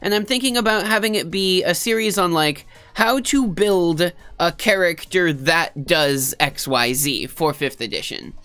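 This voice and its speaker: A woman's voice: fairly low pitch, measured pace, few pauses, fairly bright tone, soft background music. A woman streamer with a stuffed-up nose, chatting casually and rambling with her live viewers, often cutting herself off and joking. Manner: rambling, self-interrupting, joking.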